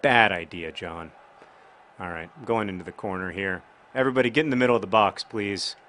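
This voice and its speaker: A man giving casual commentary over a football video game, rambling and joking, with sudden bursts of excited shouting. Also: on the low side, fairly quick, a little hiss or hum.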